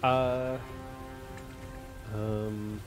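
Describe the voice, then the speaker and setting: A man quietly explaining his plan in a tabletop role-playing game. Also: on the low side, flat delivery, very slow, over music. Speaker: player.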